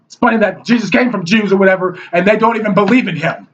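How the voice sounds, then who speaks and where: A man's voice: high voice, quick pace, a bit bright. A man delivering a heated, mocking rant to the camera, scornful and indignant. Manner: heated and mocking, mimics opponents in whiny voices. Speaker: video blogger. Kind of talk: ranting monologue. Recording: dull lo-fi recording.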